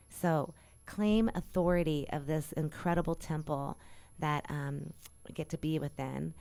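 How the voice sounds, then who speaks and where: A woman's voice: deep voice, fairly even intonation, measured pace, vocal fry, dark tone, no room sound. A middle-aged woman who coaches others, talking through breathing techniques and affirmations in a soothing, guiding way. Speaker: spiritual coach. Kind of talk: casual conversation.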